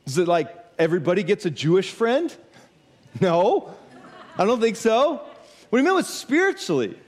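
High-voiced man preaching a casual sermon. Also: sing-song, normal speed. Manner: conversational, emphatic preaching with rhetorical questions. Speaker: pastor.

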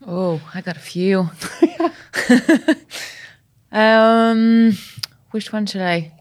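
Lively woman telling a diving story. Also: medium pitch, drawn-out words. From Canada. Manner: lively storyteller, laughs often, acts out quotes. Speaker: podcast guest. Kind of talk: casual storytelling.

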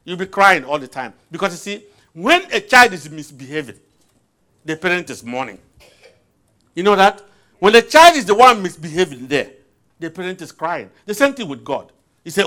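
A man's voice: sits high, sing-song, normal speed, bright, forceful tone. A man preaching a sermon, asking his listeners questions and repeating phrases for emphasis.

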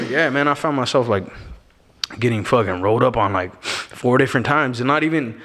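A man's voice: medium pitch, expressive, normal speed, bright, forceful tone. A man from Arizona telling a story as a podcast guest, slangy and laid-back, dropping "bro" and "you know what I'm saying" into every line. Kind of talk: casual storytelling. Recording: long echoing reverb.

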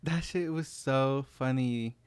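A young man co-hosting a casual podcast, rambling, joking and swearing as he talks. His voice sits at an ordinary middle pitch. It is recorded close in a dry room. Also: takes it slowly, clear, resonant tone, dry recording. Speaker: podcast co-host. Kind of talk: casual chat.

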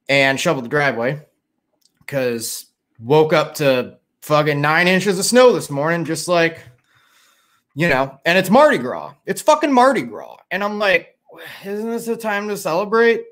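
A man's voice: a little high, sing-song, unhurried, pauses often, fairly bright tone. A middle-aged man from Chicago hosting a casual livestream, tired and rambling, with a lot of swearing. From Chicago area. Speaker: livestream host.

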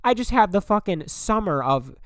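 A young man hosting a podcast, telling a story in an animated, exasperated way and swearing often. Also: high-pitched, normal speed, no room sound, studio quality. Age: young adult. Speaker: podcast host. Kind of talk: casual storytelling monologue.

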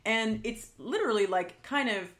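A woman's voice: fairly high pitch, expressive, moderate pace, fairly bright tone. A woman hosting a casual podcast, bubbly and chatty, saying "like" a lot and laughing easily. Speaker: podcast host.

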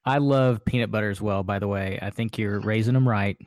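A man's voice: fairly low pitch, fairly even intonation, brisk, darkish tone, slight background noise. A man co-hosting a podcast, chatting in a laid-back, hesitant way with plenty of fillers. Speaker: podcast co-host. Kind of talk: casual chat.

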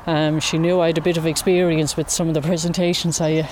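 A woman's voice: sits low, little pitch movement, a little mellow, a little hiss or hum. Irish woman chatting outdoors by a lake. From Ireland. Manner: chatty storyteller, unhurried. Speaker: interview guest, wildlife photographer. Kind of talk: casual chat.

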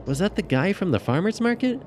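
A man's voice: sing-song, fairly quick, a little mellow, slight background noise. A man doing a concerned young woman. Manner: raised, higher voice.

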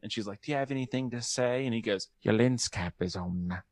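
A man's voice: mid-range voice, no room sound, studio quality. Joking young man on a podcast. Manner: loose and joking, quick to laugh and goof around. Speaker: podcast co-host. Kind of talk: casual chat.

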